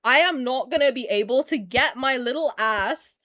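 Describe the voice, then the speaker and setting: A young woman streaming a casual reaction to a game trailer, excitable and loud and swearing freely, talking into a desk mic. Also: high-pitched, normal speed. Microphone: desk mic while seated at a computer.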